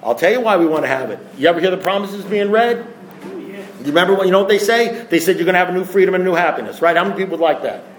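A man's voice: high-pitched, racing, low-quality recording. A man speaking to a recovery meeting, emphatic and repetitive, firing rhetorical questions at the room. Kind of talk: impassioned talk to a group.

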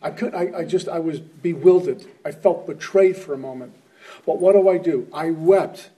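A middle-aged man shares his story at a recovery meeting in an earnest, conversational way. His voice is very mellow and soft-edged, sitting a little high for a man. He sounds set back from the microphone. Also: normal speed, recorded from a distance. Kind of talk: personal testimony talk.

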